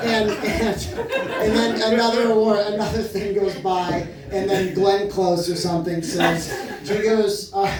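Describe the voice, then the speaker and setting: A man with a high voice performs a stand-up set, rambling through mock-grand impressions and laughing at his own jokes. He is picked up from a distance in a very echoey small venue, with the audience clearly audible. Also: flat delivery, unhurried. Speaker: stand-up comedian. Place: small comedy venue before a live audience. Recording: echoey room from far off, crowd audible.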